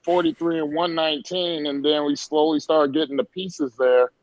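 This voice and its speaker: A man who played pro baseball swaps stories in a casual sports talk. His voice sits a little high and he talks with emphasis. The sound is dry, dull and lo-fi. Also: steady tone, moderate pace, no echo. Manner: storytelling, emphatic.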